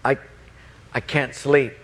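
A man's voice: medium pitch, level tone, slow, a bit bright, long reverb tail. A man voicing a contrite young man who halts and hesitates as he apologizes, in a sermon story. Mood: meek apology.

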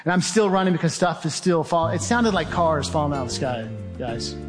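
Guy telling a gripping story to a crowd, fairly high voice, speeds up and slows way down for effect. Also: expressive, music in the background. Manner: vivid, urgent storytelling that speeds up and slows down, addressing listeners as guys. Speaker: speaker giving a talk. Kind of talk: dramatic storytelling presentation.

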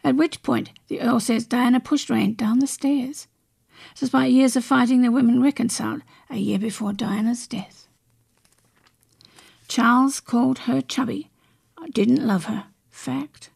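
A woman reading celebrity and royal stories from magazines aloud, in a steady read-aloud manner with brief restarts. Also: fairly high pitch, measured pace, gravelly, breathy edge. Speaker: news reader.

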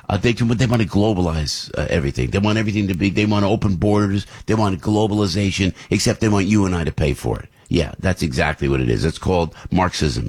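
Husky, heated male radio talk host. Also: low-pitched, a little mellow. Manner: rambling and heated, voice leaps up when outraged. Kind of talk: opinionated morning radio talk.

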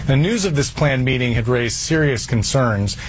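Male TV reporter, measured formal read, faint noise behind the broadcast clip. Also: mid-range voice, lively intonation, low-quality recording. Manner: measured, formal news delivery. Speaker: television news reporter.

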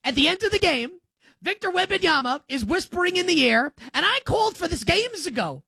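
A man's voice: extremely high pitch, very animated, brisk, pushed and bright, dry recording. A man hosting a sports talk show, giving opinionated commentary in an emphatic, sarcastic way.

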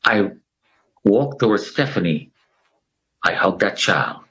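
A man's voice: on the low side, lively intonation, slow pace, pushed and bright, husky, poor audio. A middle-aged man telling his survival story with earnest feeling, acting out the people he quotes. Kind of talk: emotional personal testimony.

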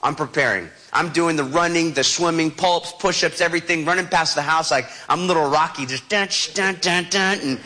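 A man's voice: a little high, a little fast, few pauses, sharp tone. A man telling a personal story with vivid, dramatic animation and sound effects, as a motivational speaker.

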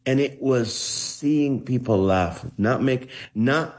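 A man's voice: mid-range voice, slow pace. A man from the Middle East, a comedian, telling his life story in an interview and acting out the voices of the people in it. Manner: animated, acts out the voices of people in his stories.

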